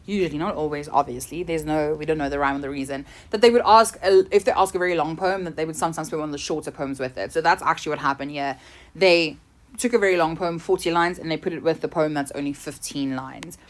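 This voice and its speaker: A South African woman teacher talking through exam answers, switching between languages as she translates, her voice often trailing off quietly at line ends. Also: low voice. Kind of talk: exam revision lesson.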